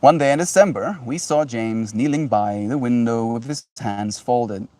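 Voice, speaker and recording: A man's voice: mid-range voice, normal speed, a little mellow, no room sound. A man hosting a livestream, chatting casually and rambling with many fillers and restarts. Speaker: livestream host. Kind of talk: casual chat.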